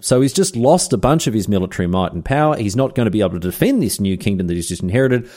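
Lively man telling history. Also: medium pitch. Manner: chatty and irreverent, full of slang asides. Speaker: podcast host. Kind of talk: casual history storytelling.

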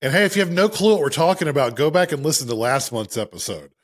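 A man's voice: a little high, fast talker, dry recording. Laid-back man in his thirties, dry sound. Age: 30s. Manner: relaxed, self-deprecating, conversational. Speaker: podcast co-host. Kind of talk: casual podcast chat.

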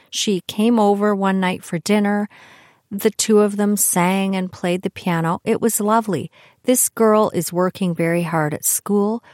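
An older woman hosting her own podcast, talking in a chatty, animated way about her family. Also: dry recording, studio quality. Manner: chatty and animated, with swings in pitch. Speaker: podcast host. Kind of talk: casual solo podcast monologue.

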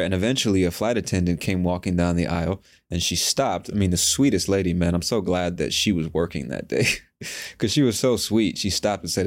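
A man's voice: deep voice, brisk. A man hosting a podcast, telling a personal story in a candid, profane way and laughing at himself. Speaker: podcast host. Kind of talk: casual storytelling monologue.

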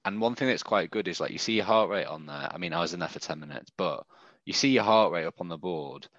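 A man's voice: low voice, quick pace, fairly bright tone, no echo, lo-fi sound. A man co-hosting a podcast, telling his own mishaps in a dry, self-mocking way. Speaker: podcast co-host. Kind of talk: casual chat.

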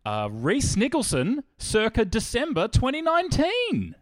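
Man, comedy host; dry, teasing, animated pitch, close dry recording. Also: a little slow, no echo. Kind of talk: casual chat.

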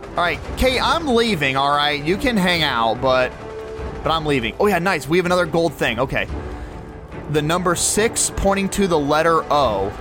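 Excitable man calling his own gameplay. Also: fairly high pitch, normal speed, over music. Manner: excitable, narrates his every move aloud. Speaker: podcast host. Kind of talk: video game play-by-play commentary.

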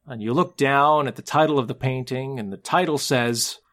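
A man's voice: medium pitch, normal speed, a bit bright. A man hosting a casual podcast chat, blunt and jokey as he ranks films and signs off. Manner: blunt, jokey, wraps up the show. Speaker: podcast host.

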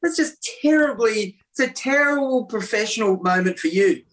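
A man's voice: high-pitched, animated, normal speed. A man, a comedian swapping bawdy stories in casual chat and laughing often.

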